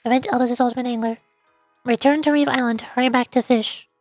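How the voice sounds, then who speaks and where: A woman's voice: fairly high pitch, steady tone, a little fast, dry recording, soft background music. A young woman streaming a game, chatting playfully and reading dialogue aloud, often musing in confused asides. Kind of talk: casual gameplay commentary and reading aloud.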